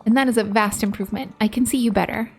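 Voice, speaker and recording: A woman's voice: a little high, fast talker, a little mellow, natural voice. A woman reading aloud the lines of a courteous male enchanted candelabra servant in her own voice, without any accent. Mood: polite. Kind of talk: reading game dialogue aloud.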